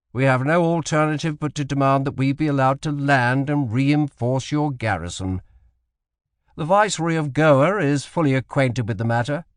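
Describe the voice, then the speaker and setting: A man voicing a commanding British admiral in an audiobook, speaking with deliberate authority. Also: medium pitch, no echo, studio quality, voice pushed up, close to an everyday voice. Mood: demanding. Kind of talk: audiobook character voice.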